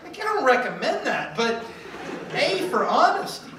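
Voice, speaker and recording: A preacher giving a sermon in a lively way, acting out quoted voices with humor. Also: high-pitched, normal speed, crowd noise. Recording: echoey hall from far off.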